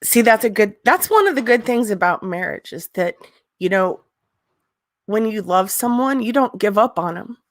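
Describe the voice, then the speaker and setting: A woman's voice: medium pitch, animated, moderate pace, no room sound, clean studio sound. Blunt ranting woman host. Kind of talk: casual live-stream chat.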